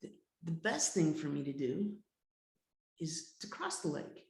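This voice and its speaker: A man's voice: a little high, very animated, unhurried, creaky, a little mellow, exaggerated voice. A woman voicing a lone male hunter lost on a frozen lake, who talks to himself under his breath. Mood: reasoning. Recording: roomy echo.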